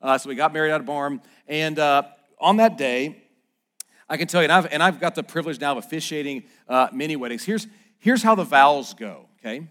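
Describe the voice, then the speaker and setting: A man in his thirties, a pastor, preaching a sermon in a conversational, animated way with playful asides to the congregation. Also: a little high, brisk. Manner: playful asides and mock quotes to the audience.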